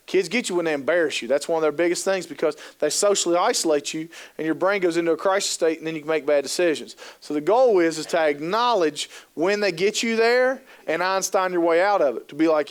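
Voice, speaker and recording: Brief: male speaker, high pitch, lively storyteller who acts out the scenes he describes. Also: fast. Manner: animated, joking, acts out scenes. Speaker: keynote speaker on youth work. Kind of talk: humorous storytelling presentation.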